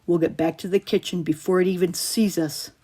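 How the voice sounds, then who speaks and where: A woman voicing a protective older brother giving firm orders in a steady voice. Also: lowish voice, a little fast, husky. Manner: commanding, steady. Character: bossy eldest boy, protective big brother.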